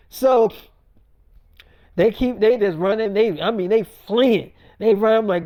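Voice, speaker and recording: High-voiced man on a profane storytelling rant. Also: a little slow, pauses often, dark tone, no echo, clean studio sound. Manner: profane, repetitive, threatening.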